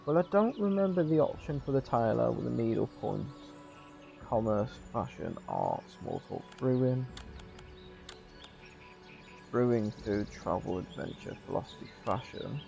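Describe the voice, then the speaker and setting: Male streamer, slightly croaky, gravelly, casual let's-play read-through, dull lo-fi mic, faint music underneath. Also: medium pitch, big pitch swings, unhurried, dark tone. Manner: chatty, reads narration with small slips and restarts. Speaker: gaming streamer. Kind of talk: casual let's-play commentary, reading game text aloud.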